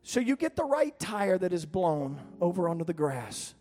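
Animated preacher telling a story. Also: male voice, high voice, normal speed, faint music behind. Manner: animated storyteller, sudden loud peaks and laughter. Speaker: pastor. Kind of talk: storytelling sermon.

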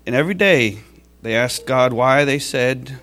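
A man's voice: medium pitch, measured pace, a bit bright. A man giving an emotional church testimony, heartfelt and at times tearful, laughing at his own past.

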